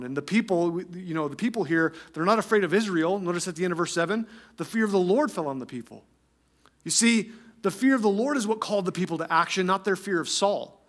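A male pastor preaching a sermon in an energetic, emphatic way, often repeating phrases for stress. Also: sits high.

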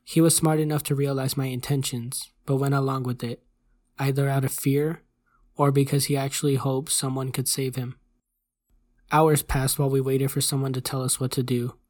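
Casting: host narrating a scripted horror story, even and measured. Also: medium pitch.

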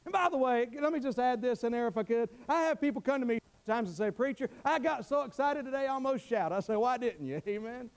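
A man's voice: extremely high pitch, expressive, fast, few pauses, clean tone. A middle-aged man preaching a fervent, folksy sermon, often repeating himself and calling out amen.

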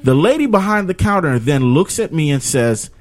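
Male podcast co-host, relaxed slangy chat, reads mail aloud. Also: on the high side, moderate pace. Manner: laid-back, slangy, laughs often. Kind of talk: casual chat, reading a listener letter.

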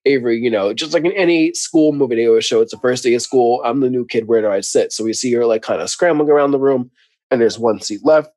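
A man's voice: medium pitch, fast, darkish tone, no echo. A man co-hosting a podcast, chatting casually through a show recap, laughing often and acting out lines of dialogue. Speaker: podcast co-host.

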